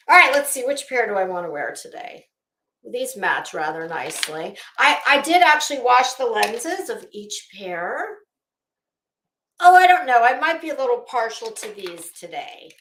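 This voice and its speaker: Female livestream host, chatty and rambling, bright tone, echoey home room. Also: a little high, sing-song, normal speed, a little hiss or hum. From Florida. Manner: chatty, greets viewers by name, rambling asides. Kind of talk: casual livestream chat.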